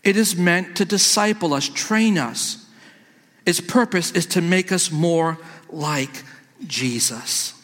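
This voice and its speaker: A man's voice: high voice, slow pace, fairly bright tone. A middle-aged man preaching a sermon in a church, earnest and quoting scripture. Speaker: pastor. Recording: echoey church hall.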